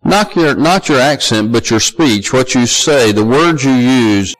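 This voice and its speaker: A man's voice: lively intonation, unhurried, rough recording. Southern male preacher, conversational sermon, homespun humor, soaring emphasis. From American South. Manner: folksy, conversational preaching that rises to loud high emphasis.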